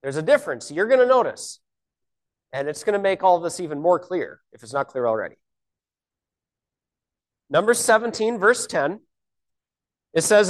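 Woman teaching scripture with lively pitch. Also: moderate pace, pauses often. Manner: explanatory, rhetorical questions. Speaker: Bible teacher. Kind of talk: Bible teaching.

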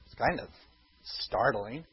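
A man preaching a sermon, emphatic, slowing down for scripture quotes and dropping low for quiet asides. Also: expressive, breathy edge, lo-fi sound. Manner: emphatic, slows for quotations, drops to quiet asides. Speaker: pastor.

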